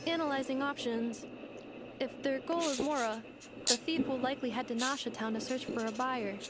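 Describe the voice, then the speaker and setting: A woman voicing a calm, precise android. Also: sits high, natural voice. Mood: composed. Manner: measured, precise, formal. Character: calm analytical female android caretaker. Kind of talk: video game voice acting. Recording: game audio with loud noise.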